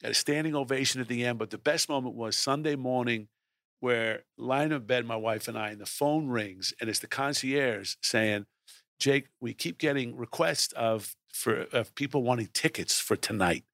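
A middle-aged man tells a story with lively energy. He acts out his own lines as he goes. His voice is mid-pitched and recorded close and dry. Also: normal speed, gravelly, no echo. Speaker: guest storyteller. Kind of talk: animated anecdote telling.

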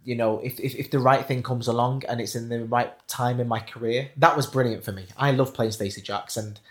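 Guy singer rambling through stories in an interview, keeps restarting, normal pitch. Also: a little fast. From Ireland. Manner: chatty, animated storytelling with stumbles and restarts. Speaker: singer, guest. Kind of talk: casual interview chat.

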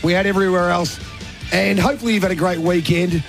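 A man's voice: sits high, fairly even intonation, fast, gravelly, soft background music. An Australian man hosting a radio show, telling stories and joking in casual banter. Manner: joking, rambling storyteller. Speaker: radio host.

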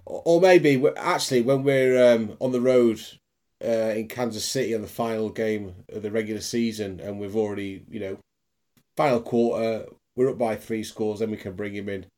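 A man's voice: on the low side, steady tone, normal speed, darkish tone. A man co-hosting a podcast, rambling with many ums and restarts. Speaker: podcast co-host. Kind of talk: casual chat.

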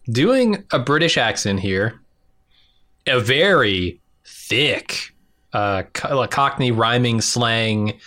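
A man chatting casually about a movie in an easygoing, measured way, with some swearing. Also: lowish voice, pushed and bright. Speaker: podcast co-host.

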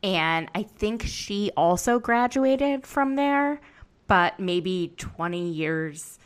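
A young woman co-hosting a podcast, telling stories in a lively, laughing way. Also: mid-range voice, slow, clean tone. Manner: lively storyteller, laughs often. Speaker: podcast co-host. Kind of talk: casual chat.

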